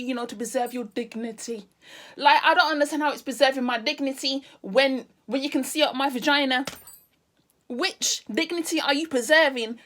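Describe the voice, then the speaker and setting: A woman telling a casual storytime vlog, animated and exclamatory. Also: high-pitched. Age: 30s. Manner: animated, exclamatory, drifts into Caribbean patois. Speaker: vlogger.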